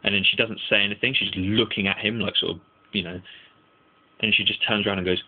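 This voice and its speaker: A man with a fairly low, breathy-edged voice speaks quickly and with fairly even intonation. He's an anime reviewer casually recapping an episode, rambling, swearing, and acting out the characters' lines, all on a tinny, phone-like lo-fi recording.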